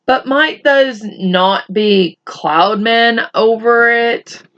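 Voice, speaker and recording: A woman voicing a cheeky, boastful male centipede in a read-aloud storybook, speaking low and slow. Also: a bit bright, muffled recording. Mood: wary. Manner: murmuring, wary.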